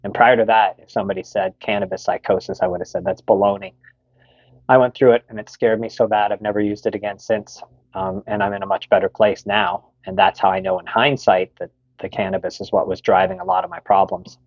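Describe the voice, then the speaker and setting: A man's voice: fairly low pitch, fairly even intonation, fast talker, no room sound, dull audio. A middle-aged Canadian man candidly telling a personal story, frank and swearing freely, with many fillers.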